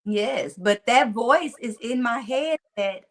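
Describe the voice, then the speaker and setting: A Southern country twang colors the slow, somewhat high voice of this woman in her forties. As a motivational speaker in a casual interview, she tells stories with plenty of animation and frequent laughter.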